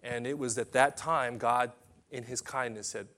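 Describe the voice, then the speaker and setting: A man preaching a sermon in an impassioned way, swinging between hushed and loud passages and often repeating or restarting phrases. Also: mid-range voice, steady tone, moderate pace.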